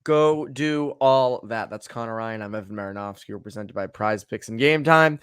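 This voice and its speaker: A man's voice: fairly low pitch, moderate pace, few pauses, a bit bright, clean tone, dry recording, clean studio sound. A young man co-hosting a casual sports podcast, chatty and jokey, with loose fillers. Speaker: podcast co-host.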